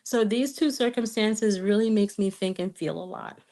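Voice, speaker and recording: A woman's voice: medium pitch, normal speed, mellow. A woman with a slight accent coaching viewers in a live stream Q&A, earnest, repeating key phrases and often checking in with "okay?". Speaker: twin flame coach.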